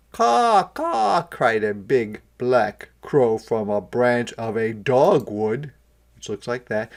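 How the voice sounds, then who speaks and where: A man, a kindergarten teacher, reading a picture book aloud to young children and pausing to explain words. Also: medium pitch, darkish tone.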